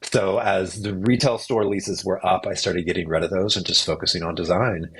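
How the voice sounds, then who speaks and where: A middle-aged man with a low, husky voice, a guest on a podcast. He tells his story in a relaxed, animated way and slips into the voices of the people he quotes. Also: moderate pace. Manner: animated storyteller who acts out what others said. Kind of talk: casual storytelling interview.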